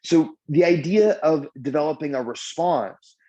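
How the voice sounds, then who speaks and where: Over dull, lo-fi video call audio, a male wellness coach with a slightly high voice speaks unhurriedly. He guides a breathing exercise, then coaches in a filler-heavy way, acting out quotes from his stories.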